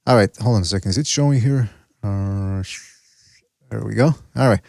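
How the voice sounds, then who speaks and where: A man's voice: lowish voice, a little fast, vocal fry, dry recording, studio quality. A man hosting a boxing podcast in casual chat. He talks in a brash, loose way, swears freely and walks viewers through fight clips. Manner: brash, swears, gives shout-outs.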